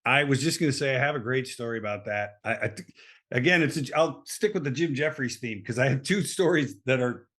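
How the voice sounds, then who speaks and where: A man's voice: medium pitch, brisk. A middle-aged man, an actor and comedian guest on a podcast, telling stories in casual chat and acting out the lines of people he quotes. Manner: animated storyteller who acts out quoted lines.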